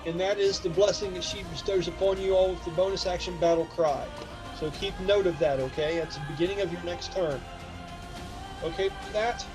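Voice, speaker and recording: A man acting as game master, narrating a tabletop game with lively asides and counting out distances aloud to his players. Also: high voice.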